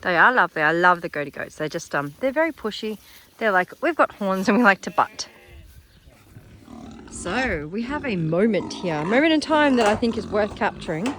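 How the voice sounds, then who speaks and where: A middle-aged Australian woman vlogging her animal sanctuary outdoors on a phone, chatting warmly and cooing at the animals. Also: lively intonation, brisk. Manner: chatty, affectionate, talks to the animals in a high baby voice. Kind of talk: casual vlog narration while filming. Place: outdoors on a farm, in paddocks with animals. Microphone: handheld phone camera, voice shifting closer and farther.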